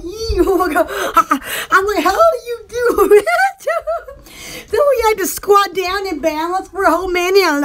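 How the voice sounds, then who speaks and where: Very high-pitched, giggly woman host. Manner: excitable and giggly, coos and hums often; blows kisses to viewers. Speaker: live-stream shopping host. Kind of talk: casual live-stream chat with viewers.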